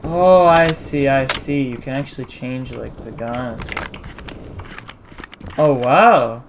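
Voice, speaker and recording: Very low female voice, frustrated gamer, casual play-by-play, loud gunfire behind. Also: noisy background. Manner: frustrated muttering, quick outbursts. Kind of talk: casual gameplay commentary. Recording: loud game gunfire over voice. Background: gunfire and shots from the game.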